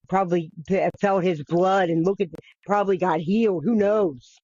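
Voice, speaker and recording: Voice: medium pitch, fairly quick, few pauses, a little mellow, dry recording. A podcast host retelling a bible story in a casual, earnest way, with frequent restarts, repetition and the odd swear. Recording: dull, dry lo-fi recording.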